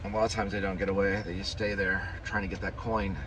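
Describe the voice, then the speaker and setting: A man talks through a casual driving vlog in a lowish voice, rambling from one folksy story to the next. He pokes fun at himself as he goes. Road and traffic noise comes through clearly behind him. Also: flat delivery, fast. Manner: rambling, folksy, self-deprecating. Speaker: vlogger. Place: in a car on city streets.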